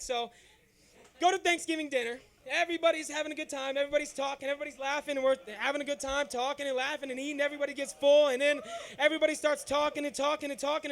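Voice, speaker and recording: A man's voice: extremely high pitch, fairly bright tone. A man doing open mic stand-up, telling a rambling, profane story and often asking "you know what I'm saying". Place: comedy club stage.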